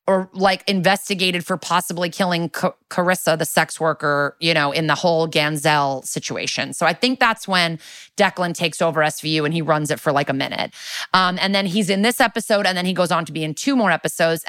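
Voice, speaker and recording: A woman's voice: lowish voice, a bit bright, no room sound. A woman co-hosting a podcast, recapping a TV episode in a chatty way with lots of "like". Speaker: podcast co-host. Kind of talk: casual recap chat.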